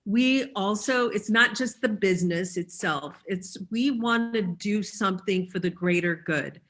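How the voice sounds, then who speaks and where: A woman on a business panel who runs a school, speaking earnestly and often pausing to find her words. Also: medium pitch, fairly bright tone. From Chicago. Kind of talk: panel discussion.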